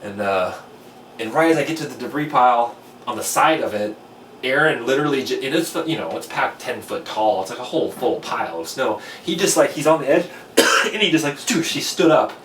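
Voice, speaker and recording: A man hosting a casual chat, telling a long, animated, profane story and acting out his own reactions. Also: mid-range voice, fairly quick. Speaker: podcast host telling a story. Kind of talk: casual storytelling over beers. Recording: roomy, distant mic with faint noise.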